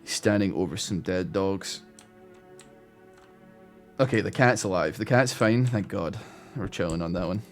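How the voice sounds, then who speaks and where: A young man casually commenting on a game he plays, swearing freely and reacting out loud. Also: sits low, measured pace, pauses often, faint music behind. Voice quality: swears a lot, reacts loudly. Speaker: gaming YouTuber. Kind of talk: casual let's play commentary.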